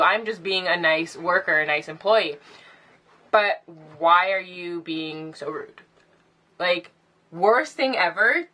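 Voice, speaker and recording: A woman's voice: mid-range voice, sharp tone. A young woman ranting casually to camera in a vlog, sassy and exasperated, with lots of "like". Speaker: vlogger.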